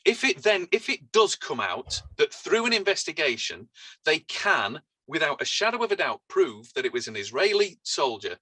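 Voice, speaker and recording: Fired-up guy swearing on a podcast, tense bright voice, dry mic. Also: mid-range voice, no room sound, rough recording. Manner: passionate, swears, frustrated. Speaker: podcast guest. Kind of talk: casual political chat.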